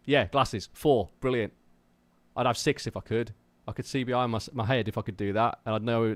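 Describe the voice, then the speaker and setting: A man's voice: medium pitch, no echo. A man from Wolverhampton with a faint West Midlands accent, chatting casually with viewers on a livestream from his home drum room in a jokey, self-deprecating way. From Wolverhampton, England. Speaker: drummer streaming his practice.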